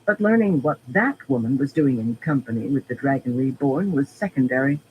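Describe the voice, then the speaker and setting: A man narrating a fantasy audiobook in a steady, even reading. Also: mid-range voice, moderate pace, phone-quality sound, a little hiss or hum. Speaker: audiobook reader.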